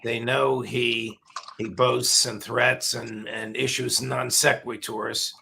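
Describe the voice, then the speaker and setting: A hoarse man hosting an interview, asking blunt, pointed questions. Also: medium pitch, level tone, slow, pushed and bright, slight background noise. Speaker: host.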